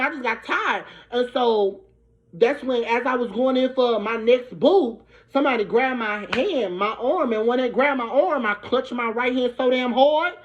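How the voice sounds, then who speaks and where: A young woman from Brooklyn, telling a profane, animated storytime. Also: on the high side. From Brooklyn, New York. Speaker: vlogger. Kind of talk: storytime vlog. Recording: dull lo-fi recording.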